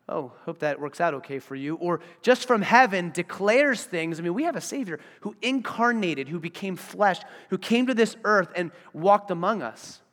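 A man preaching a sermon as pastor, telling a story with acted-out voices and questions to the congregation. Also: high voice. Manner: animated storytelling, acts out voices and asks the audience questions. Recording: long hall reverb.

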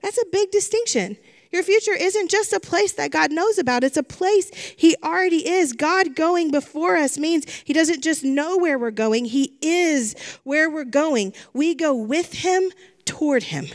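A woman's voice: high-pitched, animated, measured pace. A middle-aged woman pastor giving a sermon in an earnest way, repeating phrases for emphasis.

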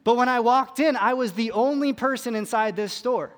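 A man's voice: very high voice, moderate pace. A man pastor telling a story in a sermon, conversational and self-deprecating. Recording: long hall reverb.

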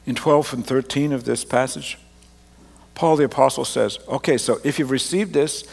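A pastor with a blended Australian and Canadian accent, speaking in a slightly high, mid-range voice. He preaches in an easy, self-mocking, conversational way from the stage into a microphone. His voice rings out with a long reverb across a large church auditorium. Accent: mixed Australian and Canadian. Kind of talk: sermon.

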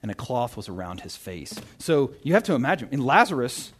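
There's a little hiss or hum as a young man preaches in a sing-song, mid-range voice at a fairly quick clip. His sermon is casual and chatty, with scripture reading, self-interruptions and frequent "right?" check-ins.

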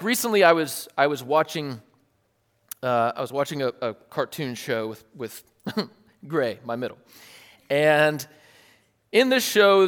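Earnest man preaching in a reverberant hall. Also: a little high. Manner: casual, earnest and animated, with wry asides. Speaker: pastor. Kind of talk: sermon.

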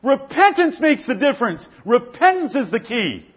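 A man's voice: extremely high pitch, sing-song, normal speed. A male preacher delivering a fervent sermon with emphatic repetition, on a dull lo-fi recording.

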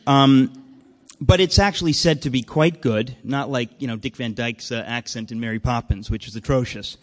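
A male host opens a live evening event with rambling, deadpan jokes and lots of fillers. His voice sits at a middle pitch. It rings out with the long reverb of a hall through a PA. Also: moderate pace. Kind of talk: comic live introduction.

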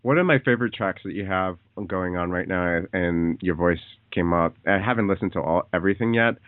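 A man hosting a casual phone interview, talking in a hesitant, halting way with many fillers. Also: low-pitched, no echo. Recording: tinny phone line, dry.

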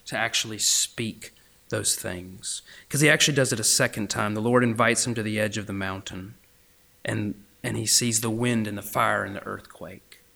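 A man preaching a sermon as a campus minister, swinging between loud animated emphasis and hushed whispers. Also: mid-range voice, a little fast, vocal fry.

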